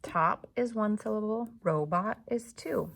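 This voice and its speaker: A woman's voice: medium pitch, measured pace, gravelly, a little hiss or hum. A woman teacher leading a lesson for young children, patiently clapping out the syllables of words.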